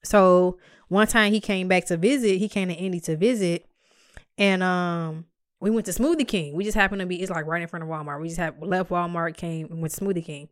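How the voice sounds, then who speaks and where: A young woman casually telling a personal story, blunt and profane, getting animated as she goes. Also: lowish voice, brisk, dry recording, studio quality.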